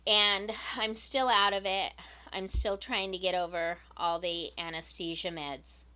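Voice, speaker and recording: A woman earnestly telling a personal story to her viewers, emotional and unhurried. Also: medium pitch, fairly even intonation, bright, forceful tone. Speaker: vlogger.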